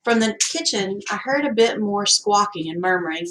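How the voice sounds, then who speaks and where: A woman's voice: medium pitch, moderate pace, poor audio. Woman narrating a folksy audiobook. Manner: folksy, storytelling, expressive. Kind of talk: scripted first-person narration.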